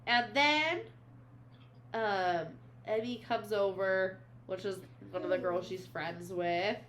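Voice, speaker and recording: A woman's voice: medium pitch, takes it slowly, fairly bright tone. Girl retelling a book plot, keeps going "she's like", faint background hum. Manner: retells scenes, reading quotes aloud, many "she's like" fillers. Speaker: podcast co-host. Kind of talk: casual book recap chat.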